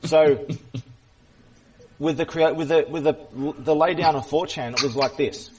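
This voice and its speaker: Fast-talking man who insists on his point. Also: a little high, background noise. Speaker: guest. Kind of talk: casual spoken explanation.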